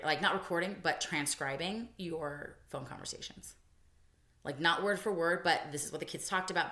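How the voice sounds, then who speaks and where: A woman co-hosting a podcast, telling a personal story in casual chat and voicing the people she quotes. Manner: animated storytelling, voices quotes with big pitch jumps. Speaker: podcast co-host. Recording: echoey room, early podcast audio.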